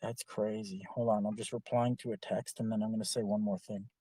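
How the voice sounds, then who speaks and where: A young man telling a long story in a casual podcast chat, animated and heavy on swearing. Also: lowish voice, fast talker, dry recording. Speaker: podcast co-host.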